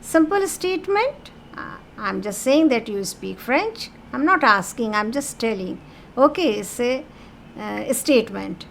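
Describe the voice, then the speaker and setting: A woman teaches a French grammar lesson in English, speaking very slowly and patiently, repeating key terms and dropping in French phrases. Her slightly high voice is very animated, gravelly and fairly bright. A faint ambient hum sits beneath her speech.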